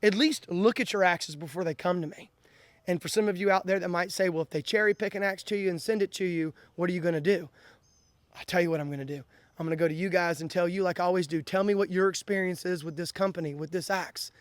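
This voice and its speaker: Man, high pitched voice, blunt worked-up vlog talk, dry close sound. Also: steady tone, quick pace, no room sound. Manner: blunt, worked-up, repeats catchphrases. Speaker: axe-throwing channel host. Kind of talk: casual vlog talk to camera.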